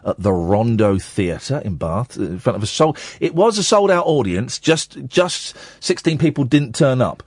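A man's voice: medium pitch, big pitch swings, a little slow, hardly any pauses, a little mellow, husky, no echo. A man hosting late-night radio from a studio mic, rambling and jokey, often poking fun at himself. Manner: rambling, jokey, self-deprecating. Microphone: studio microphone.

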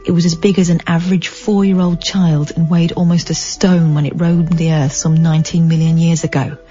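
A woman hosts late-night talk radio in a chatty, wry way, reading news items with mock-dramatic emphasis. Her voice is low and mellow. The broadcast sounds slightly dull, with faint music underneath. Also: flat delivery, fairly quick. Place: radio studio. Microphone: studio microphone.

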